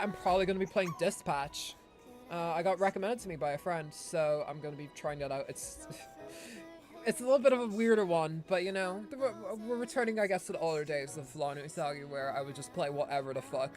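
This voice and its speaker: A man's voice: on the high side, brisk, faint music behind. A man from Ireland, chatting casually and rambling as he streams a game, swearing and laughing often. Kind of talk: casual livestream chat.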